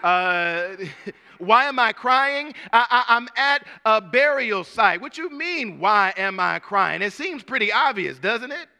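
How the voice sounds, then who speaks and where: A grieving woman, fed up and incredulous, snapping back with sass in a high, bright voice, as a male preacher puts her on. She sounds worn down yet defiant. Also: expressive, slow, big-room sound, heavily acted. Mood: exasperated. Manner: sassy, incredulous, talks back. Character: exasperated grieving woman at a tomb.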